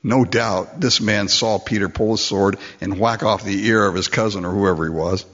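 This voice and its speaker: A man preaching a sermon, animated and acting out the voices in the story. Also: fairly low pitch, moderate pace. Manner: animated, acts out voices in quotes. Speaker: pastor. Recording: dull lo-fi recording.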